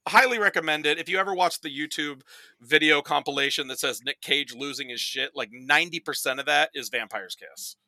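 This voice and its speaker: A man speaking as a podcast guest in casual chat, telling animated, profane stories. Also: on the high side, fairly quick, dry recording.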